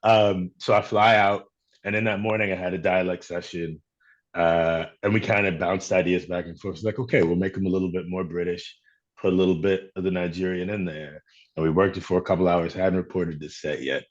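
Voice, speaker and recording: A man from Chicago, an actor being interviewed, talking reflectively and telling stories in a relaxed way. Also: low-pitched, fairly quick, muffled recording. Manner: reflective, storytelling with quoted voices. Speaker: actor guest. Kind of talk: casual interview talk.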